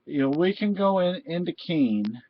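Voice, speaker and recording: A man's voice: fairly high pitch, animated, moderate pace, dry recording, highs cut off. Indignant middle-aged man ranting. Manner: indignant, scolding, lecturing. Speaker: vlogger. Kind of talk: political rant to camera.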